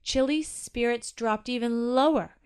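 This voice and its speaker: A woman's voice: a little high, unhurried, smooth. A woman narrating a children's Christmas story aloud.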